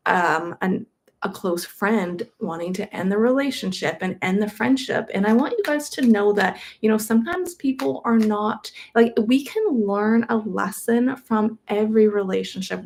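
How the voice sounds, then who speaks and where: Woman tarot reader with crackly fry. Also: medium pitch. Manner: gentle and reassuring, rambling with many fillers. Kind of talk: live-stream tarot reading.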